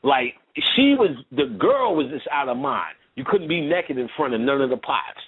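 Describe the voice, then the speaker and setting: A man with a husky, slightly breathy voice talks in loose, profane, rambling storytelling. His pitch swings widely and sits a little high for a man. The sound is thin and tinny, like a phone line. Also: very animated, moderate pace. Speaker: lecturer. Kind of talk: casual conversational storytelling.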